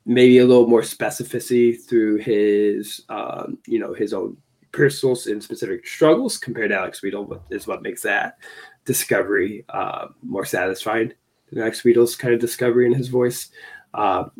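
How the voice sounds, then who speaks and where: A man in casual podcast chat about a film, pausing often with fillers as he works through his thoughts. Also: on the low side, a little mellow. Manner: hesitant, heavy on fillers. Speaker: podcast co-host or guest.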